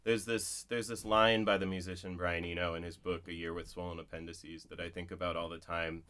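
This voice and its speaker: A man's voice: low-pitched, little pitch movement, fairly quick, bright, forceful tone, clear, resonant tone. A man, a poet, speaking thoughtfully at a live bookshop event, wandering through his ideas with lots of "like" and "right?". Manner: thoughtful, digressive, full of "like" and "right?". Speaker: poet, interview guest.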